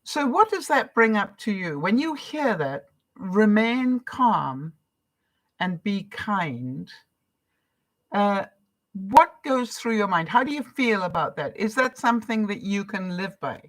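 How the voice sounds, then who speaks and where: A woman's voice: medium pitch, expressive, moderate pace. An older woman from Canada, a vlogger chatting casually on a live stream, reading out viewer comments and encouraging them between laughs.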